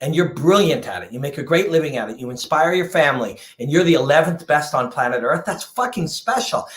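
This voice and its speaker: A man's voice: fairly high pitch, animated, fairly quick, echoey room. A man giving a passionate, emphatic unscripted rant as a combat sports host, swearing freely.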